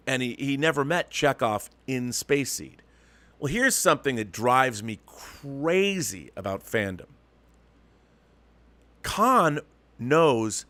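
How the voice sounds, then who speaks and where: Male host, mid-pitched, emphatic ranting commentary, dry close-miked sound. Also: a bit bright, no room sound. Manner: emphatic, ranting, with frequent restarts. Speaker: show host. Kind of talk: opinionated commentary monologue.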